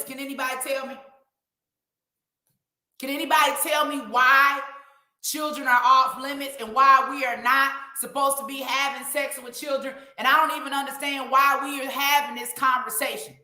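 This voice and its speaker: A woman's voice: high voice, fairly even intonation, moderate pace, pushed and bright. A woman hosting a live online show, speaking in an emphatic, preachy way and calling out to her viewers. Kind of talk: impassioned livestream commentary. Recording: echoey room.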